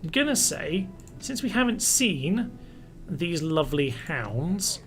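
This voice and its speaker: A man streams a strategy game, muttering his plans aloud in a wry, lightly exasperated way. His voice sits somewhat high for a man. Faint music plays under him, along with a low rumble from an air conditioner. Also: big pitch swings, slow. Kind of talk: casual gameplay commentary.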